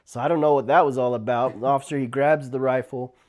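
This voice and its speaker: A man from the Navajo Nation, a former tribal police officer, telling stories casually. He laughs often and shouts out the quoted lines. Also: medium pitch, steady tone, quick pace. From Navajo Nation, US Southwest. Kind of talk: casual storytelling.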